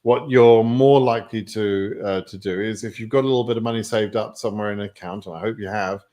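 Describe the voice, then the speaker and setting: A man's voice: fairly low pitch, steady tone, fast talker, warm tone. A man with an English accent answering viewer questions on a live stream, in a chatty way with many fillers. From England.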